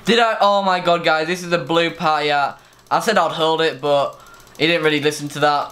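A young man giving excitable, sweary live commentary over a game, yelling one moment and groaning the next. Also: on the high side, moderate pace, soft background music. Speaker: gaming streamer.

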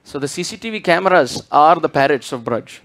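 Male preacher, high and expressive voice, chants scripture verses. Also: a little fast. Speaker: spiritual speaker. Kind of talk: sermon.

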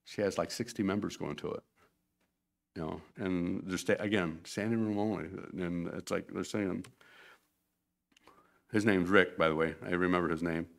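A man's voice: sits low, fairly even intonation, normal speed, creaky, long pauses. A man giving a rambling, informal mission report to a church congregation, acting out the quotes in his stories. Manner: rambling storyteller, acts out quotes. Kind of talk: informal slideshow talk to a congregation. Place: church sanctuary.

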